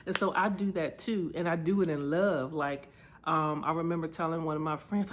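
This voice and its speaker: A woman sharing personal memories in a reflective vlog, candid and heartfelt, getting lively as she tells stories. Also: deep voice, moderate pace, a little hiss or hum. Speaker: vlogger.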